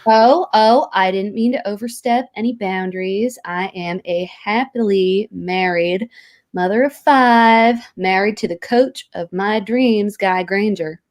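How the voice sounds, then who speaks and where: An actress playing a peppy football mom of five, chirpy and gushing as a comedy talk-show guest. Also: female voice, medium pitch, measured pace, lightly acted. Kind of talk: improvised comedy interview.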